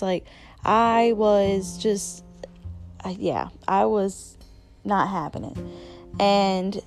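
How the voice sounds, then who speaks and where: A woman's voice: medium pitch, a little mellow. Chatty young woman rambling on a podcast. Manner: rambling, chatty, many fillers and restarts. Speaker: podcast host. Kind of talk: casual solo podcast chat.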